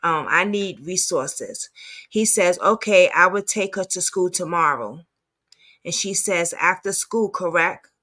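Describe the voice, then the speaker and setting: Slow, low-voiced woman reading messages. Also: bright, forceful tone. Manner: halting, stumbling reading with restarts. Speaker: advocate commentator. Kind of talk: reading messages aloud with commentary.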